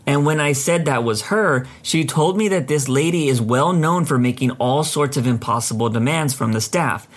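A man narrating a first-person story in an even, measured scripted reading. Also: mid-range voice.

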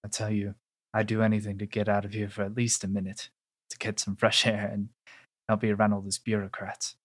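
A man's voice: fairly low pitch, completely flat delivery, brisk, no room sound, close to an everyday voice. A man playing a weary young noble son.

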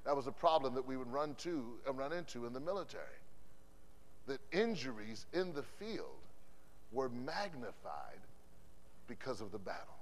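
A man preaching a sermon as pastor. He drops "amen" between phrases and swings from loud declarations to hushed asides. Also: mid-range voice, big pitch swings, moderate pace, a little hiss or hum. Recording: long hall reverb from a conference sanctuary.

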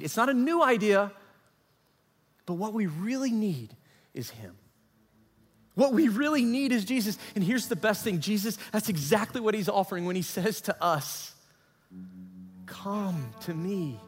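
High-voiced pastor preaching in a reverberant hall. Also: male voice. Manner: earnest preaching with repeated phrases and rising emphasis. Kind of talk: sermon.

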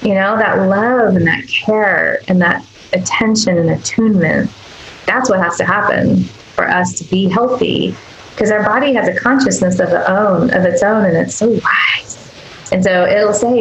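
A woman's voice: medium pitch, moderate pace, gravelly, echoey room, lo-fi sound, slight background noise. A woman speaking as the guest doctor in a podcast interview, earnest and emphatic, sometimes acting out tender quoted asides.

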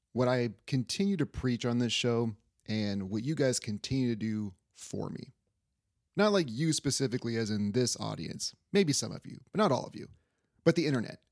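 A man's voice: medium pitch, a little mellow, dry recording, studio quality. A young man hosting a casual sports podcast, rambling loosely and swearing offhand. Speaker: podcast host.

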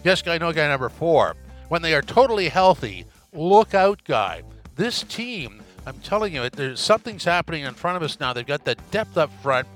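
A man's voice: a little high, lively intonation, fairly quick, a bit bright, faint music behind. A man hosting a hockey podcast in an upbeat solo segment, delivering each point with an emphatic catchphrase. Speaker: podcast host.

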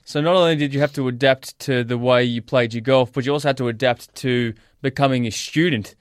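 A man hosts a casual interview, feeding his guest eager questions at a quick clip. His pitch is middling and the recording is dry and close. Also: steady tone, smooth, dry recording. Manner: encouraging, prompting questions. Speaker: interviewer, host.

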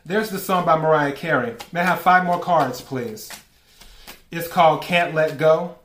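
A man's voice: a little high, unhurried, a bit bright, slight background noise. A man giving a casual tarot reading, asking for cards politely and breaking into laughter often. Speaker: tarot reader. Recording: echoey room.

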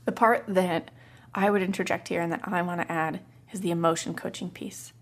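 A woman's voice: lowish voice, fairly even intonation, brisk. Casting: woman podcast host, chatty parenting storyteller who acts out quotes. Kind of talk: casual podcast talk.

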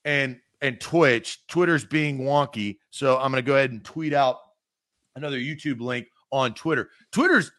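A man hosting a live-streamed sports talk show, chatting casually and rattling off viewer comments rapid-fire. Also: medium pitch, fairly bright tone.

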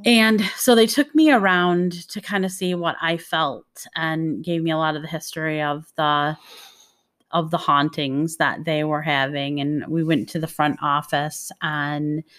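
Low-voiced chatty Detroit woman. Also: steady tone, measured pace, a bit bright. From Michigan. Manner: rambling storytelling, chatty. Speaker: podcast co-host. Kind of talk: casual chat.

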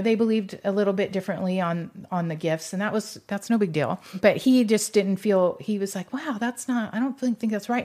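A middle-aged woman shares her faith testimony in an interview. She talks in an emotional, meandering way, doubling back and filling gaps with "you know." Her voice sits at an ordinary middle pitch for a woman. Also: darkish tone. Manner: emotional, rambling with frequent restarts and "you know". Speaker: guest sharing her faith story. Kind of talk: conversational testimony.

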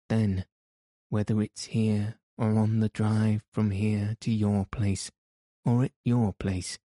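A man's voice: on the low side, dark tone, no echo, studio quality. A man voicing an irate, suspicious middle-aged male theatre manager who talks in an indignant, insistent way.

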